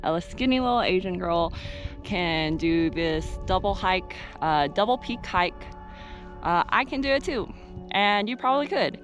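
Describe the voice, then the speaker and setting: A woman's voice: medium pitch, unhurried, soft background music. A young woman vlogging while hiking a mountain trail, chatting playfully to the camera with plenty of fillers, at times out of breath. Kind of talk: casual vlog while hiking.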